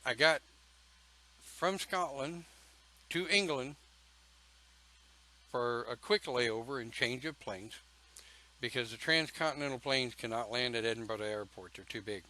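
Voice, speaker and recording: Slow, bright-voiced man telling a story. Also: medium pitch, poor audio. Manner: slow, folksy, emphatic storytelling with pauses. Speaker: pagan church speaker. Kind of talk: casual personal storytelling.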